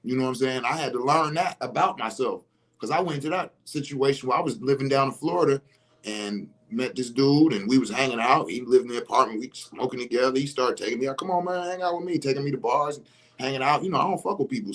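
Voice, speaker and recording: A young adult man hosting a podcast, telling a story in casual chat, animated and profane, often getting loud and emphatic. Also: medium pitch, quick pace. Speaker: podcast host.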